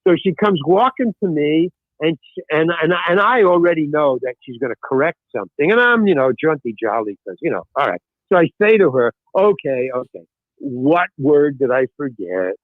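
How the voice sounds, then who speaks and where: A man, an actor and guest, telling an anecdote in a lively way, acting out the other people in his story and swearing casually. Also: on the high side, fairly quick, no echo. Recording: tinny phone-like line.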